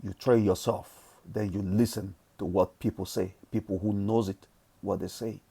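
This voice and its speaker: A man's voice: on the low side, steady tone, normal speed, creaky, warm tone, slightly rough. A Nigerian man giving an emphatic, preachy motivational monologue that repeats phrases and swears casually. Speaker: forex trading vlogger.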